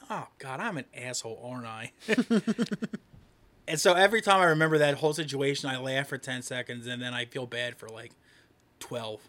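Loud, bright-voiced young man swearing through stories. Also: mid-range voice, a little fast. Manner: loud, swearing, laughing storyteller. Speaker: podcast co-host. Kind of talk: casual crude banter.

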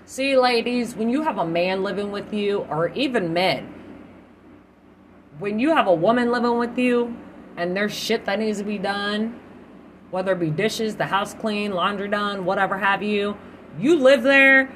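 A woman's voice: medium pitch, measured pace, fairly bright tone, slight background noise. A young adult woman hosting her own podcast, chatting candidly and swearing freely. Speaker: podcast host. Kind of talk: casual solo podcast chat.

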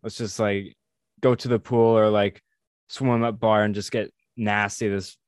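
Young male podcast host, low voice, dry close sound, laid-back and chatty. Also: flat delivery, a little slow, a little mellow, clean tone, no echo. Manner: laid-back, frequent agreeing interjections. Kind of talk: casual chat.

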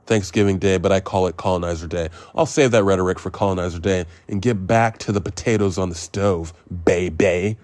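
A man's voice: low-pitched, no room sound. A man hosting a podcast, reviewing a film in a rambling, sarcastic monologue full of swearing, digressions and self-mocking jokes. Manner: self-mocking, with jokey made-up phrases.

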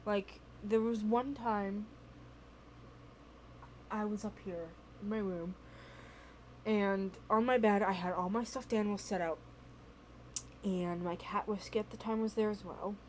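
A young woman hosting a podcast, telling a story in casual chat, animated and swearing, laughing between lines, from her bedroom at home. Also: medium pitch, unhurried, pauses often, a little hiss or hum. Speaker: podcast host.

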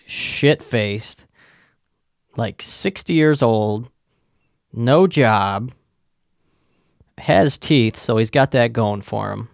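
A man's voice: mid-range voice, expressive, extremely slow, creaky, long pauses, no room sound, studio quality. A man with a profane, sarcastic manner, rambling through a casual solo rant as a podcast host.

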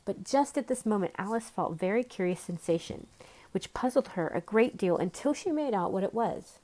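Mellow-voiced woman reading a storybook aloud. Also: medium pitch, expressive, a little fast, rough recording. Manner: adds casual asides to listeners. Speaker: storybook reader. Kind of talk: reading a children's novel aloud.

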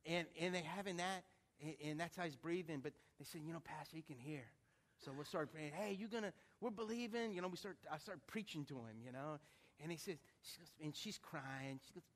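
A man preaching, a pastor telling a story in a lively, acted-out way to his church. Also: on the high side, brisk. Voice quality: animated storyteller, acts out voices. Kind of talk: storytelling sermon.

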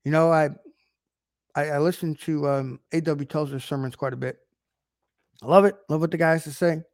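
A man's voice: on the high side, fairly even intonation, normal speed, no room sound, clean studio sound. A man giving an informal video sermon, emphatic, often checking in with rhetorical questions. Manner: emphatic, keeps asking "right?". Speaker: online preacher.

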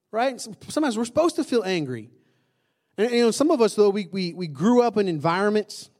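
A man preaching a sermon to a congregation in a conversational style, often asking the room questions and repeating key lines for emphasis. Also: a little high. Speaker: pastor.

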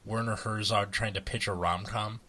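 An American man with a lowish, bright and forceful voice chats casually as a co-host. He rambles along, stopping and restarting his sentences and leaning on fillers. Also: fairly even intonation, normal speed, slightly rough. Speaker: podcast co-host. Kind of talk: casual chat about a card game.

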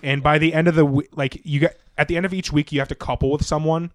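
A young man hosts a loose, crude chat, narrating a story with plenty of filler words. His voice is smooth and clear. The sound is close and dry. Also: on the high side, fast, no echo. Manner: crude, animated storytelling with mocking put-on voices. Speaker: podcast host. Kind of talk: casual chat.

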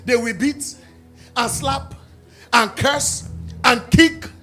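A middle-aged man preaching a sermon at a church service, acting out quotes and shouting at his peaks. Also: very high voice, takes it slowly, soft background music. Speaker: pastor.

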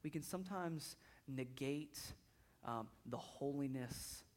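A man's voice: mid-range voice, takes it slowly, darkish tone. A man in his thirties preaching a sermon in a church, conversational, often repeating words as he builds up intensity. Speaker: pastor.

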